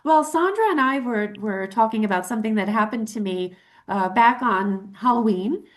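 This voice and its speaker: Speaking at a normal speed in a voice on the high side, a middle-aged co-host recounts a story on a laid-back talk show. She's lively and talkative, frequently starts sentences over, and performs the voices of whoever she's quoting.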